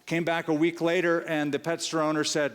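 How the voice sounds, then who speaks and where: A man's voice: on the high side, level tone, brisk, clean tone, long reverb tail. A male pastor preaching a sermon, telling a funny story and acting out its characters. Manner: storytelling, voices the characters in a joke.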